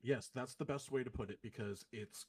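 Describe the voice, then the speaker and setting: A man's voice: medium pitch, fairly quick, a little mellow, husky. Laid-back Southern Californian man. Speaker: podcast host. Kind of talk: casual chat.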